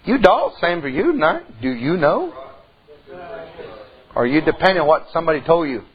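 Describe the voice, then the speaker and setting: A middle-aged man, preaching a folksy sermon that swings between loud outbursts and hushed tones. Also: a little high, sing-song, moderate pace, muffled recording. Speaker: pastor.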